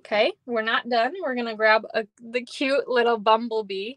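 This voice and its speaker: A woman's voice: on the high side, steady tone, moderate pace, fairly bright tone, dry recording. A young woman from Minnesota, chatty and upbeat, demonstrating card-making on a live stream and reading viewer comments aloud, sounding a bit tired. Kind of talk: live stream craft demo. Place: air-conditioned basement.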